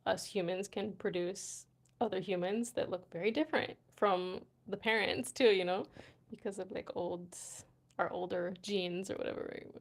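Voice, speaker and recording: A woman's voice: medium pitch, fairly even intonation, normal speed. A young woman hosting a casual livestream, chatting with viewers and reading aloud. She talks loosely with lots of fillers and tag questions, and laughs often. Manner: chatty, laughs often, many fillers like "right?" and "you know". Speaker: livestream host. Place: Morocco.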